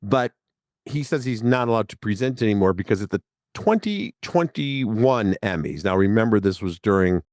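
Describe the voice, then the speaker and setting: A man in his sixties from the Chicago area talks through a casual podcast monologue. His low voice wanders from one point to the next with frequent chuckles. The sound is dry and close to the mic, with no room around it. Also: expressive, normal speed, darkish tone, dry recording. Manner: chatty, digressive, chuckling often. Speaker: podcast host.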